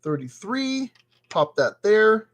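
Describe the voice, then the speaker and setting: A man's voice: sits high, sing-song, takes it slowly. A man building a model kit and commenting casually as he works, playfully talking to the parts. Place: at a work table.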